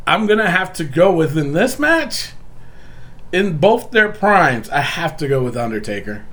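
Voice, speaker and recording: Hosting a casual podcast chat, a man laughs often while acting as tiebreaker and running the bracket. His voice sits a little high, with a sing-song lilt, a slightly slow pace and a fairly bright tone.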